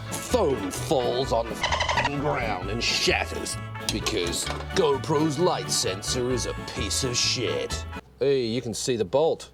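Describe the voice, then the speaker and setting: A man's voice: mid-range voice, animated, takes it slowly, loud music behind the voice. A man filming himself in his garage as he works under a car, grumbling and swearing at the job and joking at his own expense. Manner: grumbling, swearing, self-mocking asides. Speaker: car vlogger. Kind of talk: casual self-filmed garage vlog. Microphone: external mic on action camera.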